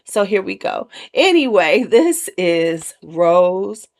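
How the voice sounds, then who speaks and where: A woman's voice: medium pitch, very animated, takes it slowly. A woman casually reviewing perfumes in a chatty, candid way, with slangy asides. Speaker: perfume vlogger.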